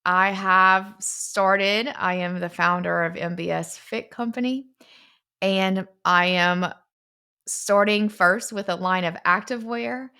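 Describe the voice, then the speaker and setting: Earnest, slightly low-voiced woman. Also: fairly bright tone, clean tone. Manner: earnest, confessional, slows down on emotional points. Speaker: founder of a fitness company. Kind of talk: personal storytelling monologue.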